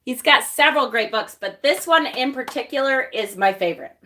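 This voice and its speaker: A woman's voice: high voice, animated, a little fast, pushed and bright. A woman with a Rochester accent hosting a casual livestream, chatty and rambling, laughing often and answering viewer comments. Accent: Rochester, New York. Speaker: witchcraft channel host.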